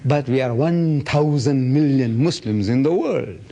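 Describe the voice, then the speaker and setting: A man in his seventies giving a public lecture and answering audience questions, telling stories with lively energy. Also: a little slow. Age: 70s. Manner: animated storytelling, acts out others' voices with big pitch jumps.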